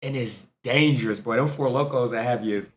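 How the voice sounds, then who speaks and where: A man's voice: mid-range voice, normal speed. A man giving loose, slangy, incredulous commentary on videos he watches. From United States. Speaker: reaction video host. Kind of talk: casual reaction commentary.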